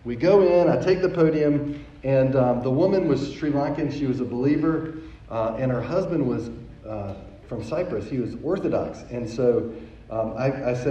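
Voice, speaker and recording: A man's voice: medium pitch, moderate pace, dark tone, a little hiss or hum. A man preaching a sermon as pastor, telling a story in a conversational way and often repeating words as he goes. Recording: echoey, dull sound from a distant mic.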